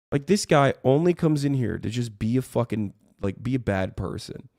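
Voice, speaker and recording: A man's voice: medium pitch, animated, normal speed, hardly any pauses, a little mellow, no echo, studio quality. A man ranting on his livestream, heated and profane, rambling as he talks to his chat from his streaming room.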